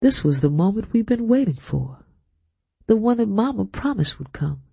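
Male audiobook reader, deep mellow tone, measured first-person storytelling, dry close sound. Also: sing-song, creaky, slightly rough, no echo. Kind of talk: scripted first-person narration.

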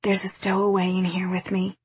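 A woman voicing a worried, wry teenage girl who talks softly in a novel reading. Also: medium pitch, monotone, a little fast, husky, no echo. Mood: hushed.

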